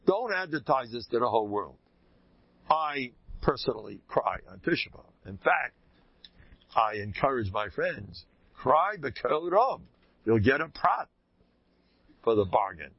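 Rabbi giving an informal talk: husky man, lively swooping delivery, folksy asides, dull lo-fi tape. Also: a little slow, long pauses, no room sound. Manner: animated, jumps into high pitch for emphasis, folksy asides. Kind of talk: informal Torah talk to a live audience. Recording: dull lo-fi recording.

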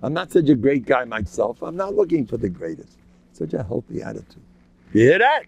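A man giving an informal, joking religious talk, animated and acting out quotes in sudden high voices. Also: brisk, gravelly, no echo, dull audio. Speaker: religious lecturer. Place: local community gathering.

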